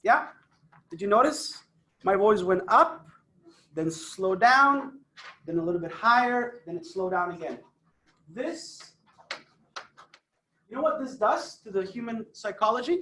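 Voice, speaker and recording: A man's voice: high-pitched, expressive, measured pace, long pauses, bright, forceful tone, echoey room, slight background noise. A man coaching a phone sales team, emphatic and repeating points for stress. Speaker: sales trainer. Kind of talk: phone sales training talk. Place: office phone room.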